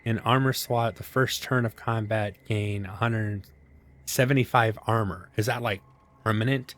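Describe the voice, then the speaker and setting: A man with a somewhat low voice narrates his own gameplay at home, thinking out loud as he goes. His talk is loose and self-deprecating, with relaxed asides. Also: moderate pace. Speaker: gaming channel host. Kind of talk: casual let's-play commentary. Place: home gaming setup.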